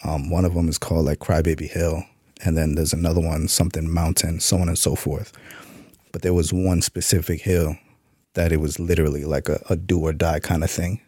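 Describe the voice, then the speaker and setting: A man's voice: a bass voice, flat delivery, fairly quick, darkish tone, slightly rough, no room sound, clean studio sound. A man being interviewed on a podcast, telling a story in a laid-back way and swearing casually. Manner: laid-back, profane, full of "you know what I'm saying". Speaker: podcast guest, author and Army veteran.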